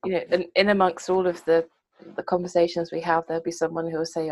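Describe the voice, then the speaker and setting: A woman co-hosting a podcast, speaking in a thoughtful, measured way as she reflects aloud. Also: sits low, flat delivery, darkish tone. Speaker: podcast co-host. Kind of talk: podcast discussion.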